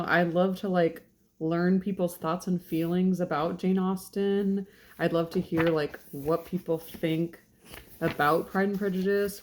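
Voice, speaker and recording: A woman's voice: fairly low pitch, a little mellow. Chatty woman in her late thirties. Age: 30s. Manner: chatty and rambling, self-deprecating, frequent laughs. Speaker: channel host. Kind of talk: casual vlog intro. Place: home kitchen.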